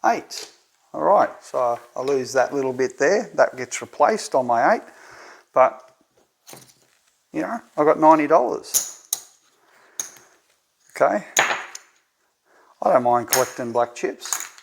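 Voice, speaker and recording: A man's voice: medium pitch, expressive, takes it slowly, creaky, long pauses, slight background noise. A man with an Australian accent, hosting a tabletop game tutorial and thinking aloud, often checking in with "right?". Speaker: gambling strategy presenter.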